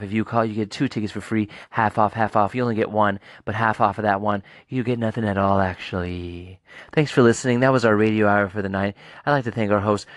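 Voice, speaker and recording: A man's voice: fairly low pitch, no echo, studio quality, lightly acted. A man doing a bumbling late-night radio host. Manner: rambling, garbles numbers and names. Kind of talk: comic radio-host parody.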